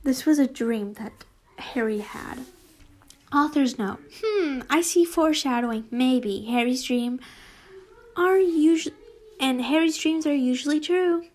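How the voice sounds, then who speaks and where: A woman's voice: sits high, unhurried, a little mellow. A woman reading fan fiction aloud, breaking off into casual, sweary asides.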